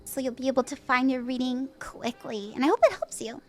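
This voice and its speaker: A woman's voice: high voice, expressive, fairly quick. A woman hosting a casual live-stream tarot reading, bubbly, giggly and encouraging as she gives advice. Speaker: tarot reader and livestream host.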